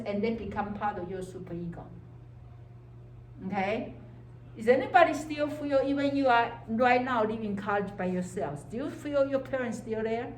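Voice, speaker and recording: A woman with a voice on the high side teaches a psychology class, heard from far off with a little hiss or hum in an echoey room. She speaks English with non-native grammar, acts out inner voices, and checks in repeatedly with "okay?".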